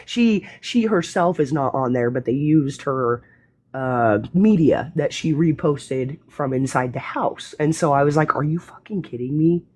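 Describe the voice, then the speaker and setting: A woman's voice: low voice, measured pace. A woman hosting a live stream in casual chat, telling stories with frequent swearing and laughter. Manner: profane, laughing, animated storytelling.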